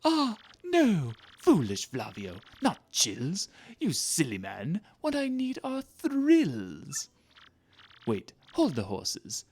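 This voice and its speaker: A man's voice: fairly high pitch, wildly swooping pitch, takes it slowly, darkish tone, slightly rough, voice pushed up, full character voice. A man voicing a vain, dramatic rich male merchant who talks in a pompous, theatrical way with a put-on foreign lilt.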